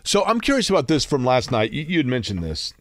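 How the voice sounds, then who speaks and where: A man hosts a sports radio show in loose, joking banter, rambling and peppering his co-host with questions. His voice is mid-pitched and sounds dry and close, with little room around it. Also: wildly swooping pitch, fast talker, a bit bright, dry recording. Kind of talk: casual sports talk banter.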